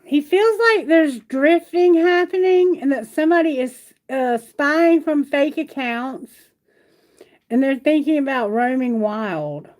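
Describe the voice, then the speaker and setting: A woman giving a live-stream tarot reading at home. She reassures viewers warmly, calls them sweetheart, and asks her questions aloud to Spirit. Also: sits high, lively intonation, slow pace, rough recording. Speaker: tarot reader. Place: at home, near her bedroom.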